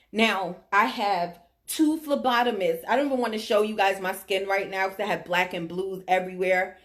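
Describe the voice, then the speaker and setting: A middle-aged woman telling a personal story to her audience, emphatic and often checking in with her listeners. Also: mid-range voice. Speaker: vlogger sharing her diagnosis story.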